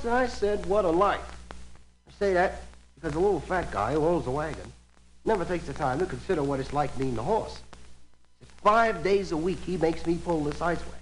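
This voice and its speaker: A man's voice: on the high side, poor audio. A man telling folksy jokes as a stand-up comedian, laughing at his own stories before a live audience. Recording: archival live recording with music and audience.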